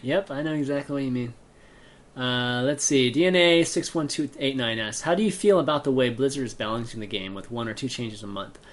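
A man's voice: medium pitch, a little fast, slight background noise. A man hosting a casual gaming chat, talking hesitantly with many fillers and restarts.

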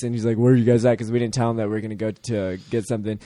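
A man's voice: mid-range voice, steady tone, racing, dark tone, dry recording. A young man telling a story in casual chat, laid-back and saying "dude" often.

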